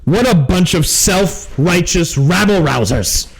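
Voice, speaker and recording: A man voicing a gruff, harried male guard captain who talks formally and gets flustered. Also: sits high, expressive, slow, voice pushed up, full character voice, low-quality recording. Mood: grave.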